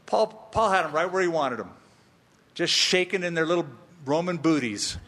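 A man preaching an expository sermon, emphatic and slow, with playful asides. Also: a little high, expressive, fairly bright tone, big-room sound. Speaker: pastor.

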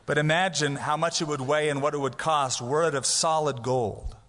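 A man preaching a sermon in a church sanctuary, his voice a little higher than most men's. He talks in a conversational, animated way, sometimes acting out prayers. A long reverb hangs in the hall around him. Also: moderate pace. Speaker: pastor. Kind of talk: expository sermon.

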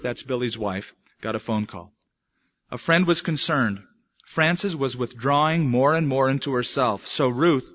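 A man preaching a sermon, swinging between hushed, slow lines and emphatic, raised ones. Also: mid-range voice. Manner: dramatic swings between soft and emphatic delivery. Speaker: pastor. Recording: muffled lo-fi recording.

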